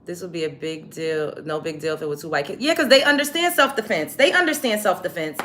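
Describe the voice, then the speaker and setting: A woman's voice: on the low side, animated, quick pace, fairly bright tone. A young woman hosting a livestream, reading chat comments aloud and answering commenters in a blunt, profane, combative way. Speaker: livestream host.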